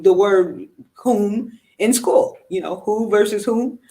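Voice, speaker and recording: A woman's voice: mid-range voice, slow pace, faint music behind. A middle-aged woman giving a candid, emphatic motivational talk. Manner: candid, emphatic, animated in quoted retorts. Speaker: motivational speaker.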